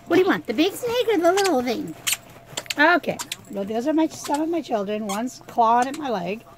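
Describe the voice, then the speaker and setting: A woman with a very high, sing-song voice that leaps up and down, cooing baby talk at her pets. She films on a handheld camera in her living room. The home recording is noisy, with the pets audible in the background. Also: big pitch swings, normal speed. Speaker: vlogger showing her pets. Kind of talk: casual home video chat.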